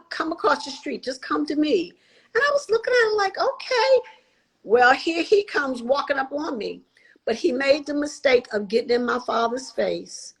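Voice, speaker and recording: Husky-voiced woman in her sixties. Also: fairly high pitch, poor audio. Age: 60s. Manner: animated storyteller, acts out quoted voices. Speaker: guest. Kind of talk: interview storytelling.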